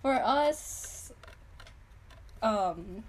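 A teenage girl hosting her own podcast, chatting casually with lots of fillers and quick laughs. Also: on the high side, lively intonation. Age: teens. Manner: giggly, filler-heavy chatter. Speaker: podcast host. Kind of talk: casual chat.

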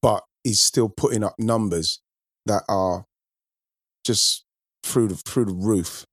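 A man's voice: lowish voice, slow, husky, no echo, clean studio sound. A man co-hosting a football chat, talking animatedly and repeating himself as he builds a point. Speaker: football podcast co-host. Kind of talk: casual chat.

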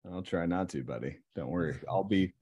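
Low-voiced young man, relaxed rambling. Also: brisk, slightly rough. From Indiana. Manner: relaxed, rambling, many fillers like "like" and "you know". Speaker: podcast guest. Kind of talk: casual chat.

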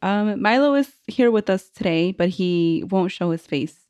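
A woman's voice: medium pitch, animated, normal speed, darkish tone, no room sound. A young woman co-hosting a podcast, chatting casually, laughing often and reading from her notes. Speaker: podcast co-host.

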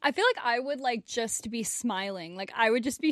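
A woman's voice: a little high, animated, normal speed, hardly any pauses, a bit bright, no echo, clean studio sound. A young woman co-hosting a podcast, talking in an earnest, heartfelt and emotional way. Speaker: podcast co-host. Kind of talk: casual chat.

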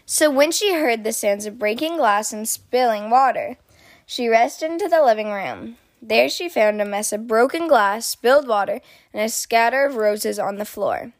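Woman, children's book read-aloud, expressive, sing-song, fairly high voice. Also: moderate pace, dry recording, studio quality. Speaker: storybook reader.

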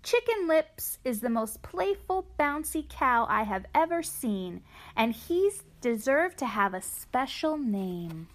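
A woman's voice: sits high, big pitch swings, takes it slowly, full character voice. A woman reading aloud as a kind old farmer speaking fondly to his granddaughters in a children's storybook.

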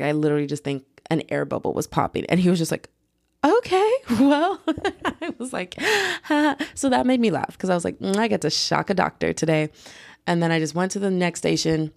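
A young woman tells a story straight to camera, chatty and full of fillers, acting out each quote. Her voice sits low and has plenty of vocal fry. The sound is dry and close, with no room around it. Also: no echo. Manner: chatty, lively retelling full of "like" and acted-out quotes. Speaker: vlogger. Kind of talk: casual storytime.

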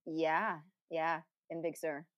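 A woman's voice: low voice, little pitch movement, muffled recording. A young woman co-hosting a podcast, recapping her summer in an upbeat, chatty casual conversation. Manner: upbeat, chatty, quick to laugh along. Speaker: podcast co-host. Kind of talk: casual chat.

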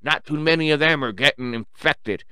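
Host, male, ranting and cursing, bright high voice, dry close sound. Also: moderate pace, clear, resonant tone, dry recording. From Africa. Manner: angry, swearing, loud outbursts. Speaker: solo commentary host. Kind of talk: profane rant.

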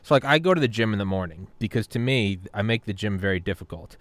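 A man's voice: lowish voice, animated, quick pace, dry recording. A man from the United States, hosting a podcast in casual chat, telling stories with swearing and acted-out quotes. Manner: storytelling, profane, acts out quotes. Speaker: podcast host.

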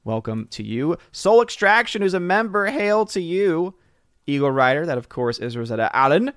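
A man's voice: a little high, big pitch swings, normal speed, a bit bright, smooth, no room sound, clean studio sound. A man hosting a casual live stream, greeting viewers by name and reading chat comments. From southern United States. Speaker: livestream host.

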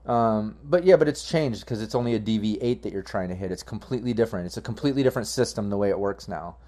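A man's voice: on the low side, fast, mellow. A man narrating as game master in a casual tabletop session, loose and rambling. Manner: loose, rambling, frequent ums.

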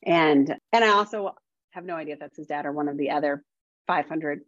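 Low-pitched woman guest, casual rambling talker, heavy on "like", dull dry lo-fi audio. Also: brisk, no room sound. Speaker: guest, developing medium. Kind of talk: casual podcast chat. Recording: dull lo-fi sound.

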